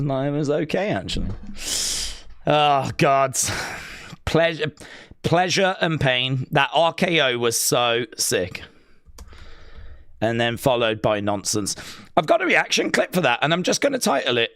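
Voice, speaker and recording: A man's voice: mid-range voice, fairly bright tone, no echo, studio quality. A middle-aged man hosting a live wrestling watch-along who rants sarcastically and with exasperation while he reacts. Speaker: live stream host.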